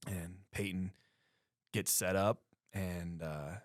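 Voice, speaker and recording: A man from Colorado, a guest on a talk show, telling a story in a casual, animated way and acting out what others said. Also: low voice, slow pace, no echo, clean studio sound.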